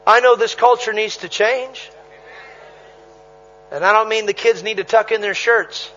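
A man preaching a sermon, telling stories with animated energy, punchy repetition and bursts of laughter. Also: high voice, a little slow, lo-fi sound, a little hiss or hum. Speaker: traveling preacher.

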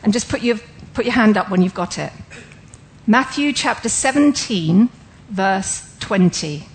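A woman's voice: medium pitch, lively intonation, measured pace, poor audio. Woman teaching a Bible class. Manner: engages listeners with questions; explanatory, breaks ideas down step by step. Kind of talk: interactive sermon teaching.

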